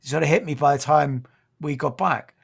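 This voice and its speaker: British man, 50s, ex-Royal Marine guest, halting, sombre, occasionally choked up. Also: a little high, creaky, slightly rough. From Britain. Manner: halting, restarts often, sombre recounting. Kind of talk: podcast interview storytelling.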